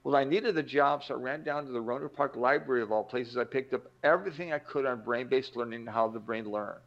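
A man's voice: medium pitch, fast talker, highs cut off. An older man giving an emphatic motivational talk, acting out quoted voices as he teaches. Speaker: self-help teacher.

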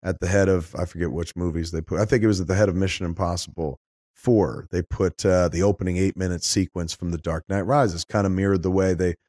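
Low-voiced profane podcast host. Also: male voice, fairly quick, no room sound, clean studio sound. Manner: animated, profane, rambling. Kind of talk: casual chat.

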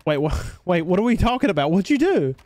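A young man with a Southern country twang streams a game live, reading viewer comments aloud and answering them in a loose, slangy way. His voice sits a bit high, and his pitch swings widely as he talks. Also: sing-song, fast, a little mellow, no echo. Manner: laid-back, slangy, reads chat aloud and answers.

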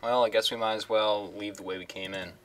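A man voicing a suave British gentleman thief in a deliberately hammy put-on British accent, with game music behind. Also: fairly low pitch, fairly even intonation, a little hiss or hum, close to an everyday voice. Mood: dry.

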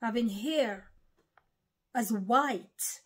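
A woman's voice: on the high side, extremely slow, a bit bright, slightly rough. A woman, preaching an informal online sermon in an impassioned, repetitive, emphatic way. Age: 40s.

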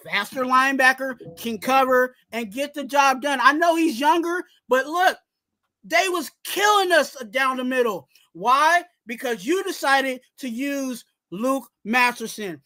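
High-voiced man ranting about football. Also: a little slow. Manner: animated, talks straight to the coach, repeats catchphrases. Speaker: host of a fan sports talk show. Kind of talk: casual live-stream sports rant.

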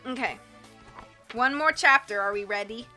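Casual, chatty woman reading on a live stream, bright and higher-voiced, faint music behind. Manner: chatty, giggly, casual with viewers. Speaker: audiobook reader and live streamer. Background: faint background music.

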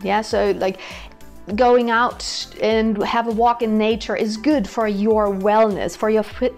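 Young German woman, German accent, chatty language teacher, faint music underneath. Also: medium pitch. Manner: chatty, explains with everyday examples. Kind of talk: explanatory video lesson.

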